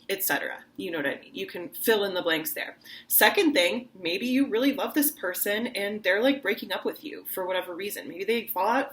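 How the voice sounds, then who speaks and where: A woman's voice: medium pitch, lively intonation, a little fast. A woman opera singer giving a casual online singing lesson, chatty and full of "like" fillers, now and then acting out short dramatic lines. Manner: acts out short dramatic quotes mid-explanation.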